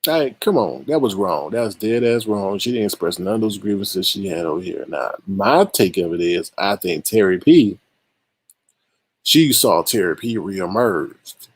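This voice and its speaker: A man's voice: fairly low pitch, animated, measured pace, breathy edge, dry recording. A man hosting a live stream, giving casual and exasperated commentary on online drama straight to his viewers.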